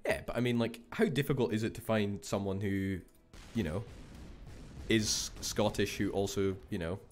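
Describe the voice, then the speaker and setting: A man chatting while gaming as a guest, a curious, teasing listener who asks quick questions. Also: on the low side, soft background music. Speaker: guest co-player. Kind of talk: casual chat while gaming.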